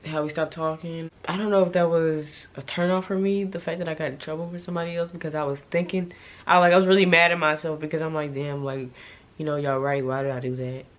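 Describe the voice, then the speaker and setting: Young woman, casual storytime vlog, animated, loud bursts and hushed asides. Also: low-pitched. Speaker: vlogger.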